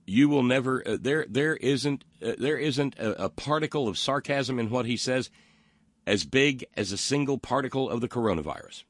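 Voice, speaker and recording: A man with a medium-pitched voice and lively intonation, recorded without echo, runs a political talk show. He mocks the news with sarcasm while reading listener comments, pausing often with fillers like um and uh.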